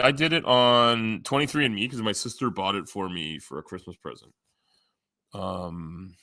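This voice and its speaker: A man's voice: lowish voice, pushed and bright, no echo, clean studio sound. A man chatting casually on a live stream, reading and answering chat, rambling and joking with frequent swearing and fillers. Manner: many fillers, jumps between topics.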